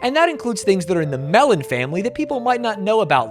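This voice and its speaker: Animated American man ranting while reacting. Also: high-pitched, fast talker, hardly any pauses, over music. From United States. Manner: swearing, joking, exaggerated rants. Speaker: streamer reacting to clips. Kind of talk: casual reaction commentary.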